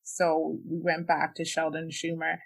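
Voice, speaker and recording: A young woman with a deep, gravelly voice speaks in a monotone at a measured pace. Appearing on a podcast, she frankly and emotionally recounts a personal experience, full of "like"s and "you know"s.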